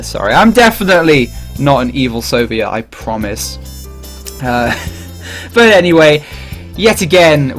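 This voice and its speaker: A man's voice: mid-range voice, a bit bright. A young Englishman with an accent between the Midlands and the South, rambling and joking through gameplay commentary. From England. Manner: rambling, jokey, often laughing. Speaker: gaming YouTuber. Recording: faint music underneath.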